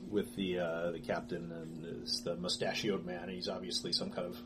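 A man narrating a tabletop game as game master, relaxed and hesitant with many fillers. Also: sits low, normal speed, background noise.

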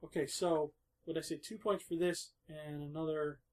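A man with a somewhat high voice narrates a tabletop role-playing session as game master. His delivery is relaxed and halting, broken up by chuckles and fillers as he works out the scene.

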